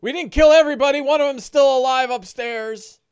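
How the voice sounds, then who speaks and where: A man voicing a cowardly orc warrior who whines and pleads in a high, strained voice. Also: fairly quick, lo-fi sound. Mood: pleading.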